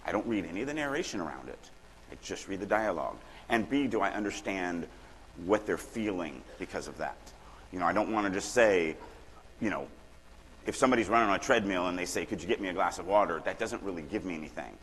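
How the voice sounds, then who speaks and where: A middle-aged man from Louisiana teaches a room of writers in a loose, lively way, dropping into quick acted-out lines to make a point. His voice sits fairly low and carries the long ring of a large hall, with faint room noise underneath. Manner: casual, animated, acts out quoted lines. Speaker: writing workshop speaker. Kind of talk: conference talk on craft. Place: conference hall.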